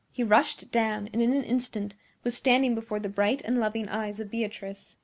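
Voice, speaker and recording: A woman with a fairly high voice reads a classic tale aloud. She keeps a measured, even storytelling pace. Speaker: audiobook narrator. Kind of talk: scripted narration.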